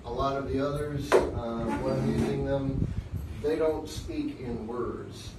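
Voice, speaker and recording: A man teaching English, explaining how he uses puppets in class in a relaxed, halting way with fillers. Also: medium pitch, loud music behind the voice. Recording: echoey room from far off.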